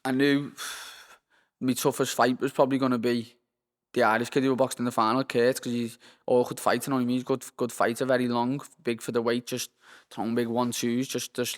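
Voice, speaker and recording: Young man, Liverpool accent, flat monotone delivery, rambling and sweary, long hall reverb. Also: mid-range voice, brisk. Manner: rambling, sweary, says "lad" constantly. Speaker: guest, professional boxer. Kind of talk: casual interview chat.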